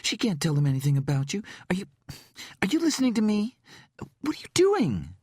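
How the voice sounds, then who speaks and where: A man's voice: rapid-fire, husky, dry recording, studio quality. A man voicing a panicked pleading mother. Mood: desperate. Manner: high, strained panicked pleading. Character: terrified young mother, pleading desperately.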